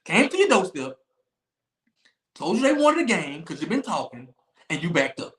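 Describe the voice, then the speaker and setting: A man hosting a sports talk stream, his fairly high voice swinging widely as he hammers his points. He repeats phrases and talks noise with big emphasis. The sound carries a roomy echo. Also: big pitch swings, moderate pace, a bit bright. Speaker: podcast host. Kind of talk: animated sports talk livestream.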